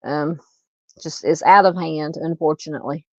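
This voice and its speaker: A woman's voice: low-pitched, steady tone, normal speed, a little mellow, no room sound, dull audio. A middle-aged Southern woman hosting a live true crime stream, chatting casually, greeting viewers and reading comments in a rambling way with many fillers and restarts. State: hiccups.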